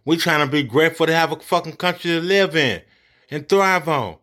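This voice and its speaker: Furieux homme qui déblatère. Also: male voice, fairly high pitch, a little fast, bright, forceful tone. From United States. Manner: profane, heated, blunt. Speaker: vlogger ranting about politics. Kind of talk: angry political rant.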